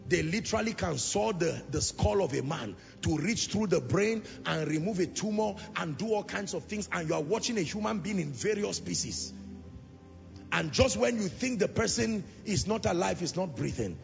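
Man preaching a sermon, raspy gravelly tone, lively swooping pitch, echoing hall, dull lo-fi sound with music behind. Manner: impassioned preaching, repeating lines, swelling to shouts and sung phrases.

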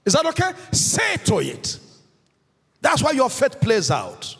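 Preacher guy, slow and husky, voice swinging up and down, big echoey hall. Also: very high voice, huge pitch swings, a bit bright. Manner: emphatic preaching with repetition and call-and-response questions. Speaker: pastor. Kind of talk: sermon. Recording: echoey hall, long reverb.

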